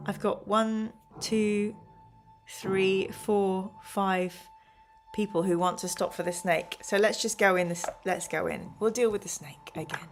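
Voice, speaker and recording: A woman leads a gamebook play-through on a live stream, reading the passages aloud and tallying her viewers' votes. She talks at an unhurried pace in a mid-pitched voice, with faint music playing quietly behind her. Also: fairly even intonation. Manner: chatty, reads aloud, counts votes.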